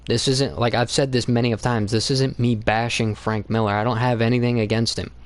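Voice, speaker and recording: A man's voice: medium pitch, no echo. Blunt, profane young man ranting about comics. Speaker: comics channel host. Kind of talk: casual opinionated monologue.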